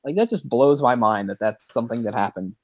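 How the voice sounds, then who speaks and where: Male podcast host, rambling and animated, mid-pitched, dry close mic. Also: dry recording, muffled recording. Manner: rambling, animated, quick laughs. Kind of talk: casual movie chat.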